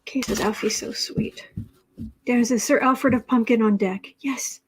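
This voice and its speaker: A woman's voice: on the high side, fairly even intonation, moderate pace, background noise. A woman hosting a tarot livestream, chatting casually and reading out viewer comments. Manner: soft-spoken, cooing to a pet cat between readings. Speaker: tarot reader and livestream host.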